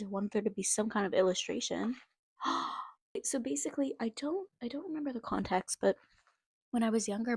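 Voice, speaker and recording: Young woman, podcast host, husky and gravelly, giggly asides, dry close mic. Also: fairly high pitch, a little mellow, no echo. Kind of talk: casual reading aloud with reactions. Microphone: close microphone.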